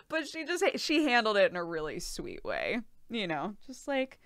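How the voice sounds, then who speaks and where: A woman's voice: medium pitch, wildly swooping pitch, moderate pace, hardly any pauses, a bit bright, dry recording. A young pregnant woman streaming, chatting casually with her viewers, laughing often and swearing freely. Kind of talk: casual chat with live chat.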